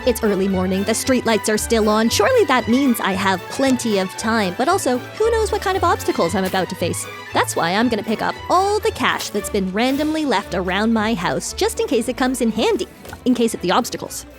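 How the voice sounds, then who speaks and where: Young female gaming host, bubbly and wry, highish voice that swoops a lot, faint music behind. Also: sing-song, brisk. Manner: bubbly, wry, reads game characters aloud. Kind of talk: playing and narrating a game.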